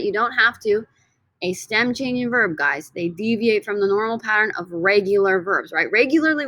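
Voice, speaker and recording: A woman's voice: medium pitch, fairly bright tone, no echo. Woman teacher voice, upbeat recorded lesson, dry close sound. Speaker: Spanish teacher.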